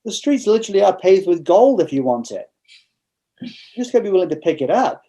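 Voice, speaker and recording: A man's voice: sits high, very animated, a little fast, dark tone. A man with an English accent, a guest in a casual interview, telling stories bluntly with frequent restarts. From England.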